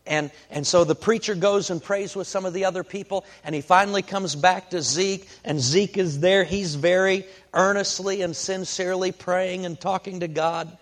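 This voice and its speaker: A man preaching a sermon, telling a folksy story in an unhurried way with many fillers. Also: high voice, steady tone.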